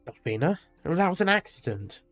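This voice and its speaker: A protective, worried young man from a game, read out by a man with a fairly high voice. He urges and comforts in a plain, earnest way, with faint game music behind. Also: very animated, normal speed, a bit bright. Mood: urgent. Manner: reading the lines aloud, mostly plain.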